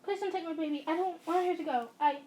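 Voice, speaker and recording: A woman's voice: extremely high pitch, fast, a little mellow, slight background noise, voice pushed up. A woman voicing a frightened mother who pleads anxiously. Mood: pleading.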